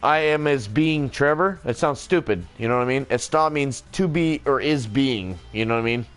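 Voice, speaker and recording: A man's voice: mid-range voice, fairly quick, faint music behind. Rambling, profane man talking casually.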